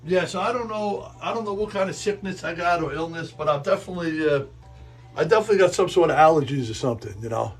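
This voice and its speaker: High-voiced sniffly man, rambling live chat. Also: animated, faint music behind. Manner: rambling, halting, repeats himself. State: sniffly and sneezing. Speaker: livestream host running a model railroad. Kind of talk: casual live-stream chat while working. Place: indoor room with a model railroad layout. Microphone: earpiece in ear.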